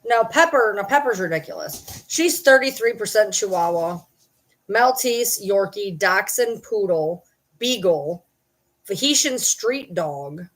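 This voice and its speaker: A woman's voice: medium pitch, animated, a little slow. This is a woman chatting to camera in a loose, cussing, rambling way. Her voice swoops up and down, and she keeps breaking off to talk to her dogs. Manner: profane, rambling, talks to her dogs mid-sentence. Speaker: vlogger. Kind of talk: casual chat to camera.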